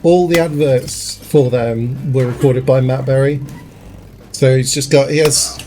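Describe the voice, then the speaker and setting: A man's voice: mid-range voice, fairly even intonation, a little slow, mellow, slight background noise. A man from England chatting casually, rambling and hesitant, with many restarts. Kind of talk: casual chat.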